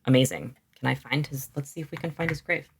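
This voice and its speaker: A man's voice: medium pitch, quick pace, vocal fry, slight background noise. A man hosting a history channel, chatting casually and thinking aloud with fillers and restarts as he explains things.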